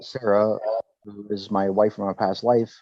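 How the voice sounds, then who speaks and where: Deep-voiced man, halting and emotional. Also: flat delivery, dull audio. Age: 40s. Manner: halting, emotional, many restarts and stammers. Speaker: healing session client. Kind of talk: emotional personal account.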